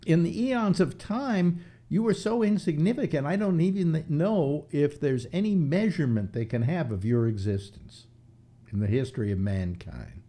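A man's voice: on the high side, moderate pace, mellow. A man in his seventies hosting a casual talk show, rambling through philosophical musings with frequent restarts. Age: 70s. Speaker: host.

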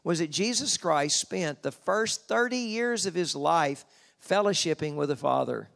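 A man preaching a sermon at a convention, slowing down for scripture and rising in pitch to stress his points. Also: animated, gravelly, fairly bright tone. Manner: slows down to read scripture, rises in pitch for emphasis. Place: convention hall.

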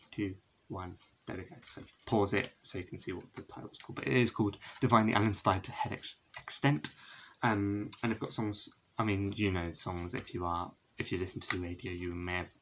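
A man's voice: low-pitched, a bit bright, slight background noise, low-quality recording. Chatty young man, rambling. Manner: rambling, chatty, many fillers and self-corrections. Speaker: vlogger. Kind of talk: casual video showing his CD collection. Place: indoors, a room at home with a window.

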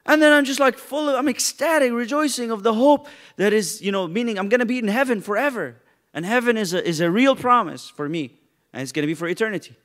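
A man teaching a youth Bible study, animated and joking as he acts out people's reactions. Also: very high voice, fast talker.

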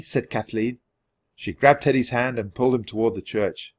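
A man reading a children's chapter book aloud with steady, expressive narration. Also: fairly low pitch, normal speed. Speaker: storybook reader.

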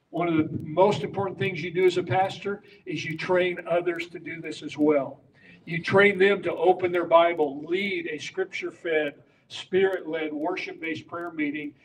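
High-voiced man addressing pastors. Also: recorded from a distance, a little hiss or hum, rough recording. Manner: emphatic, teaching by patterns and rhetorical questions. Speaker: pastor and prayer coach. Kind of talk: conference talk to pastors. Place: conference room with audience.

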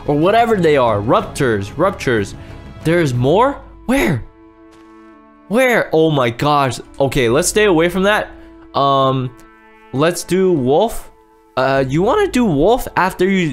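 Jumpy young man yelling at gameplay. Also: high-pitched. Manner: jumpy, easily startled, swings from hushed to yelling. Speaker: gaming YouTuber. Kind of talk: Minecraft gameplay commentary.

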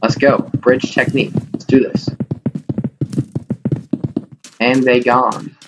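A young man giving live commentary over his own gameplay, excitable and self-mocking, often crying out in disbelief. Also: mid-range voice, normal speed. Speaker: gaming YouTuber. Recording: noisy home recording with mouse clicks.

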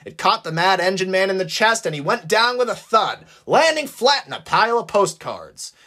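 A narrator reading a fan-written story aloud in an expressive, animated way. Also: mid-range voice, moderate pace.

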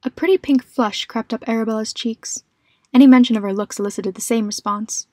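A woman narrating a short horror story in a calm, measured, scripted reading. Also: on the high side, dry recording.

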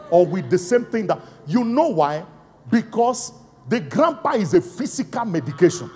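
A man preaching a live Pentecostal sermon as apostle, emphatic, calling out questions to the congregation and swinging between shouts and hushed, slow emphasis. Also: sits high, big pitch swings. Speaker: apostle and senior pastor. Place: large church auditorium. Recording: live church hall reverb with faint music.

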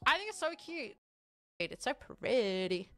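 Australian woman streamer, high, bright voice, swings all over, rambling and sweary. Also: unhurried, faint music behind. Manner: rambling, excitable, swears often, talks to chat. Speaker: livestreamer. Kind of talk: casual livestream chat.

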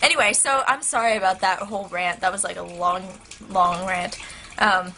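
Teen girl vlogger, crisp bright tone, gushing and rambling, soft aquarium filter hum behind her. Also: medium pitch, moderate pace, poor audio. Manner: excitable, rambling, heavy use of "like". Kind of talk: casual chat to camera. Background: turtle tank filter hum.

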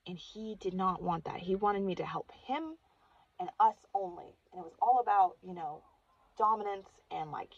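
A woman's voice: mid-range voice, normal speed, husky, dry recording, muffled recording. A woman vlogger casually telling a personal story, earnest and chatty, saying "like" constantly.

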